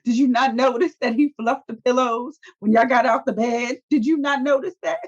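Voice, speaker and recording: A woman's voice: fairly high pitch, moderate pace. Sassy woman. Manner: sassy, animated retelling with put-on quotes. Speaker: co-host reviewing a reality show. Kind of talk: casual chat. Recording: dull lo-fi audio.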